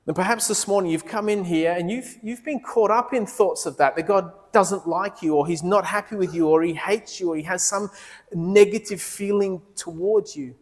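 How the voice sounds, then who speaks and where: A man preaching a sermon in a church, earnest, dropping low and soft when he quotes Jesus. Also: normal speed. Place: church hall. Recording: long reverb of a large hall.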